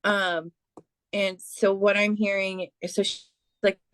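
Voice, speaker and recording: A woman giving a spiritual reading as a medium, speaking haltingly with many fillers and restarts. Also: mid-range voice, flat delivery, a bit bright, no echo. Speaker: psychic medium.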